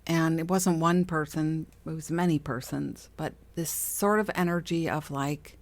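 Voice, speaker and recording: This middle-aged woman's podcast covers spiritual self-help in a casual, chatty way, with frequent laughter and acted-out voices for the people she quotes. She speaks in a deep voice with fairly even intonation and an unhurried pace.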